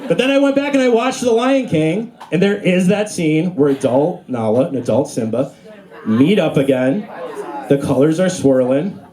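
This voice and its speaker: Performing stand-up at a comedy club, this young man speaks with an animated, somewhat high voice of darkish tone at normal speed. His delivery is casual and rambling, stuffed with fillers, and the live room's noise comes through.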